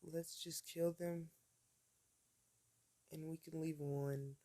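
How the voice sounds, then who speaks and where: A man voicing a calm, collected male ice warrior in a story he is retelling. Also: on the high side, takes it slowly. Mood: cold. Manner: cool and collected.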